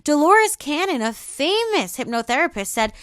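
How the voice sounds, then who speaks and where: Woman host, high and bright-toned, dry booth sound; preachy, emphatic motivational monologue. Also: big pitch swings, normal speed, dry recording. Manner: repetitive, declarative affirmations. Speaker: podcast host.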